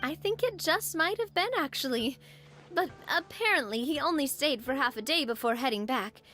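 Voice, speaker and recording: A woman voicing a cheerful, outgoing young woman in a game, playful and quick to laugh. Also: high voice, animated, pushed and bright, soft background music. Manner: bubbly, playful, laughs easily. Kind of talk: game voice acting.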